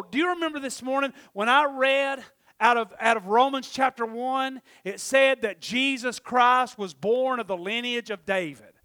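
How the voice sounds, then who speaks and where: High-voiced preacher, emphatic. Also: male voice, normal speed, clear, resonant tone. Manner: emphatic, swings between loud exclamations and quiet murmurs. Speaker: pastor. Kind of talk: sermon. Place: church.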